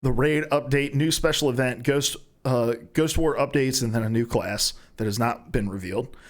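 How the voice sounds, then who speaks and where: A man's voice: mid-range voice, normal speed. A young adult man hosting a gaming news rundown, talking casually and profanely and acting out imagined conversations as he reads the news. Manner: profane, animated storytelling, acting out imagined dialogue. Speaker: host of a gaming news show.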